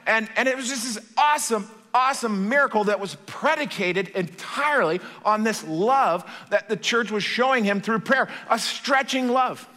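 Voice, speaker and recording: A male pastor preaching with a bright, ringing voice that sits high for a man. His playful, animated storytelling carries through a church with a long, hall-like reverb. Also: normal speed, hardly any pauses. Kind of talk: sermon.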